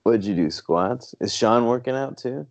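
A man's voice: medium pitch, expressive, moderate pace, no echo. A man co-hosting a podcast in casual chat, making short, blunt, dry remarks. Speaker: podcast co-host. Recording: dull lo-fi sound.

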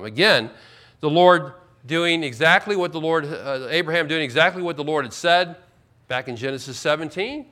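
A man preaching a sermon as pastor, emphatic, slowing right down to stress key words. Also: fairly high pitch, pushed and bright. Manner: emphatic, with slow drawn-out stresses.

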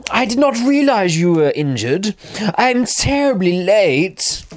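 A man voicing a posh, flustered woman driver with a plummy English accent and a slow, apologetic manner. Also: sits high, big pitch swings, pitched above the performer's own voice, full character voice. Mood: flustered apology. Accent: posh southern English.

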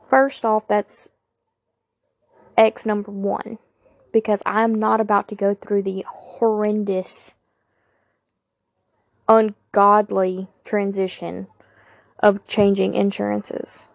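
Lady telling her story on a podcast, kinda creaky voice, very candid, talks right to y'all. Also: mid-range voice, level tone, slow, pauses often, no echo, studio quality. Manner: candid, emphatic, talks straight to listeners. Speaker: podcast host. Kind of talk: casual personal storytelling.

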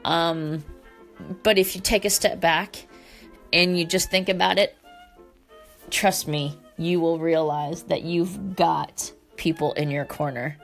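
A woman's voice: sits low, fairly even intonation, slow pace, creaky, faint music behind. A woman hosting a solo talk show, speaking earnestly and from the heart to her listeners, with the odd casual swear word. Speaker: podcast host.

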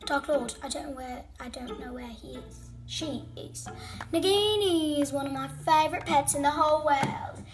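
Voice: high voice, moderate pace, lightly acted. A child playing a boastful, scatterbrained female witch villain in a fan role-play video, with music behind. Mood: gleeful. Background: background music.

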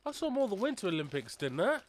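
A man co-hosting a podcast, animated and playful, often laughing and arguing in casual chat. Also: high-pitched, fast. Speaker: podcast co-host.

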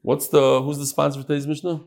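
A man's voice: on the high side, little pitch movement, fast talker, gravelly, a little mellow. A man teaching a Talmud class, reading the text in a sing-song lilt and questioning his students.

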